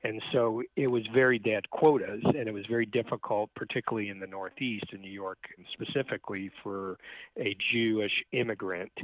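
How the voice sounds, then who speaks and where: A man with a fairly low voice tells a family story at an easy, measured pace. The sound is dry and close, with no room around it. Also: steady tone, no room sound, highs cut off. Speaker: podcast guest. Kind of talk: conversational storytelling.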